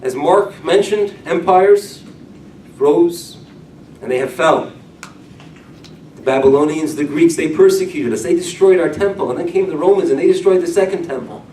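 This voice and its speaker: A man's voice: a little high, moderate pace, a little hiss or hum. Man preaching in an echoey hall. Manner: storytelling, wide swings from loud emphasis to hushed. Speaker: rabbi. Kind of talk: sermon-style Torah class. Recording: echoey room, mic at a distance.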